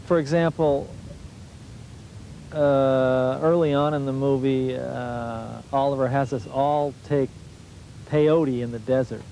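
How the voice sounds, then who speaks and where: Mellow-voiced man answering an interview. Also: medium pitch, steady tone, slow pace, creaky, slight background noise, low-quality recording. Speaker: interview guest.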